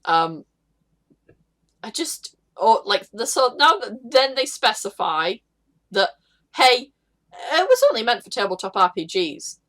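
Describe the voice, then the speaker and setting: Sweary excitable woman podcaster. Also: a little high, unhurried, pauses often. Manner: excitable, sweary, acts out voices in rants. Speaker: podcast co-host. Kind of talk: casual podcast chat.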